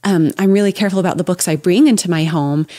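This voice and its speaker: A young adult woman talking as a podcast guest in a casual interview, chatty and animated, often laughing as she talks. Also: on the low side, fast. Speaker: podcast guest, children's book writer.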